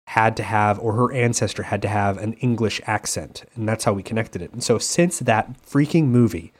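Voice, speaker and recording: Casual podcast co-host, male, low register, animated storyteller. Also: moderate pace. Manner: animated storytelling, slips into playful accent impressions. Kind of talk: casual chat.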